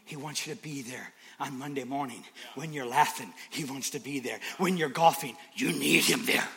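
A man preaching a sermon, swinging from hushed whispers to shouts with repetitive, emphatic phrasing. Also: mid-range voice, normal speed, gravelly.

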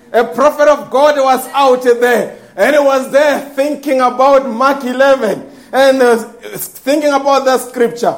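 A man preaching a fervent sermon, breaking into shouts and laughing exclamations as he calls for responses. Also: extremely high pitch, unhurried, few pauses.

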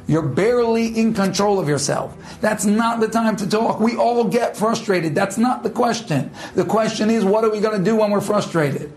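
A man with a fairly high voice gives a short inspirational talk as a religious teacher. He speaks emphatically, pausing often and dropping suddenly to a low tone. Soft music plays faintly behind him.

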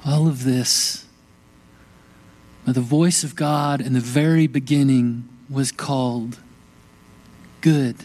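A man preaching a sermon as pastor, slow, gentle and reflective, with long pauses. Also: medium pitch, steady tone, low-quality recording.

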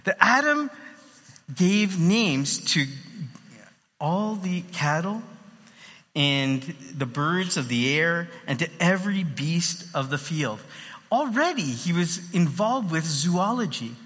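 A man's voice: on the high side, sing-song, takes it slowly, fairly bright tone. A man preaching a sermon in a loose, conversational way with many fillers. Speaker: pastor. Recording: long hall reverb.

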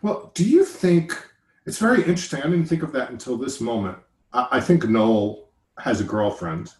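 A man's voice: medium pitch, lively intonation, moderate pace. Wry New York man in a roomy space. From Long Island, New York. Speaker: actor. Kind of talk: casual chat. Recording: echoey room.

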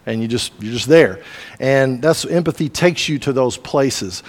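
A pastor delivering a sermon in a conversational, storytelling way with casual asides. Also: male voice, mid-range voice, a little slow, big-room sound.

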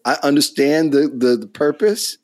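A man speaking as a guest career expert in a casual panel discussion, halting with restarts and easy laughs. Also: a little high, lively intonation, darkish tone.

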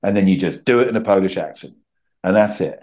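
A middle-aged Englishman talking casually as a podcast guest, telling animated stories and acting out quotes. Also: deep voice, fast talker. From England. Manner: chatty, animated storytelling with acted-out quotes. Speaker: guest actor.

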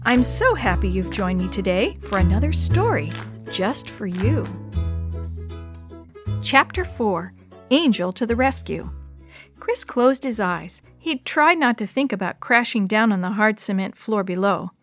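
A woman reading a chapter book aloud to children, slow and clear. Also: mid-range voice, very animated, music in the background. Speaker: children's storyteller.

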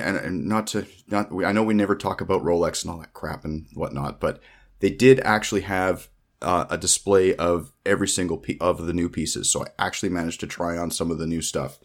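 A man with a very low voice talks in a loose, rambling way. He circles back, restarts his sentences and fills gaps with um and uh. It sounds like an easygoing chat between co-hosts. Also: a little fast. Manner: rambling, full of fillers and restarts. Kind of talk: casual chat.

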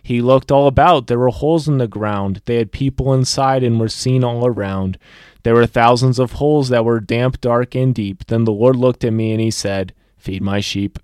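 A man's voice: mid-range voice, moderate pace, a little mellow, smooth, no room sound, clean studio sound. A young man hosting a personal faith podcast, speaking earnestly and reading a rhymed poem aloud. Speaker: podcast host.

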